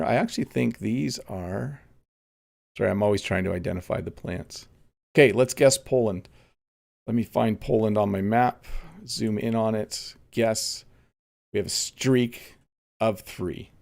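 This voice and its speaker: Male English teacher, gravelly voice, easygoing live-stream lesson, explains vocabulary clearly, muses aloud with "um" and "let's see". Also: fairly low pitch, darkish tone. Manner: unhurried, explains words plainly and reads viewer comments aloud; frequent "um" and "let's see" as he looks around. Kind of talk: relaxed live-streamed lesson while playing a game.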